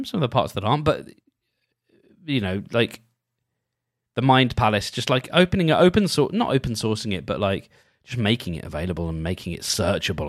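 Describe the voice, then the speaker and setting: A man with a lowish voice rambles through a casual solo monologue, thinking aloud as he goes. He restarts sentences and leans on little fillers. The recording is dry and close, with no room sound. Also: dry recording. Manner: rambling, full of restarts and "you know".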